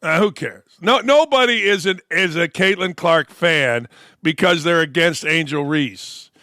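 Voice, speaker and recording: A man's voice: fairly high pitch, unhurried, sharp tone, no echo, studio quality. A man hosting a sports talk show, giving blunt, sarcastic and mocking opinion commentary.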